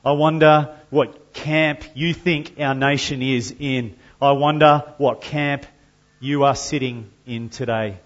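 A man preaching a sermon to his church, measured and earnest, with loud emphatic passages when he reads scripture. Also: medium pitch, fairly even intonation, dull audio. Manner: slow and deliberate, rising to loud emphatic scripture reading. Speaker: pastor.

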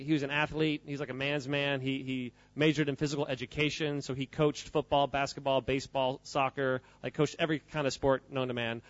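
Guy joking around with a crowd, voice a bit high, dry dull sound. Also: no echo. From United States. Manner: playful, joking, quizzes the crowd. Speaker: speaker at a church gathering. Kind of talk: informal talk to a live audience.

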